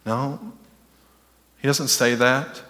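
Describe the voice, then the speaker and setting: Bright-voiced pastor preaching in a hall. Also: male voice, mid-range voice, moderate pace. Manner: conversational preaching with mocking put-on voices. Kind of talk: sermon. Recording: long hall reverb.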